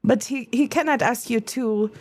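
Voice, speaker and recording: A woman voicing an evasive, gracious woman of uncertain age who talks in a measured, hesitant, polite way. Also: a little high, a little mellow, close to an everyday voice. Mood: vague, polite.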